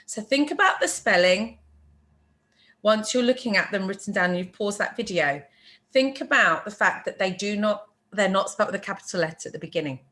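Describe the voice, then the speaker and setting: A woman teaching a language lesson, slowly modelling words for learners to repeat and explaining spelling. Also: medium pitch, expressive, bright, forceful tone. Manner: slow, careful teacher modelling words for repetition. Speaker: French teacher. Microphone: screen-share narration.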